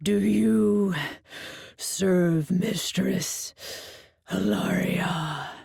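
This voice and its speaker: A giant male Minotaur, as a woman narrator puts him on, rumbling in a low, gravelly bass. He speaks slowly and demands answers, menacing yet wary, in a dry close-miked audiobook. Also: a little mellow, no echo, exaggerated voice. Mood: roaring. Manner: slow, booming questions. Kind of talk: audiobook character voice.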